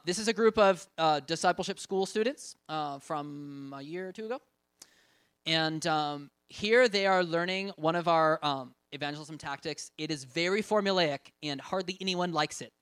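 A young man walks an audience through his evangelism training in a loose, chatty way, with plenty of fillers and small laughs. His voice sits a touch high for a man. The sound is close and dry with no room around it. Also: a bit bright, smooth, no echo. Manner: chatty, many fillers, laughs often, acts out quotes. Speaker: ministry trainer presenting. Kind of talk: casual talk with slides.

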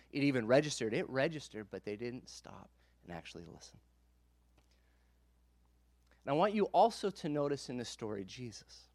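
A man in his thirties giving a conversational sermon as a pastor, moving between hushed, slow passages and emphatic ones. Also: mid-range voice, no room sound.

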